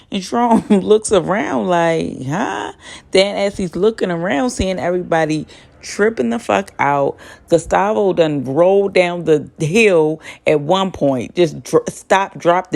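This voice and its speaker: A woman in a casual, animated TV episode recap, chatting and laughing often. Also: fairly low pitch, creaky.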